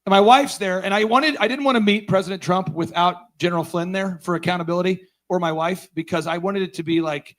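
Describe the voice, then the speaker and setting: A man's voice: sits high, fairly quick, hardly any pauses. A man giving a storytelling talk at a conference, acting out the dialogue he quotes. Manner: animated, acts out quoted dialogue. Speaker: conference speaker.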